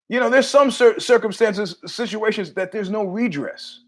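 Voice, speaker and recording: A man's voice: high-pitched, normal speed, hardly any pauses. A man hosting his own podcast, telling a story casually and animatedly, acting out the people in it. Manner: animated, acts out quoted voices, laughs at his own story. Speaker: podcast host.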